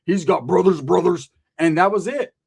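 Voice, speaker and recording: High-voiced man telling a profane street story. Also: normal speed, gravelly, slightly rough. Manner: animated, street slang, swearing, laughs at own jokes. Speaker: storyteller, ex-convict.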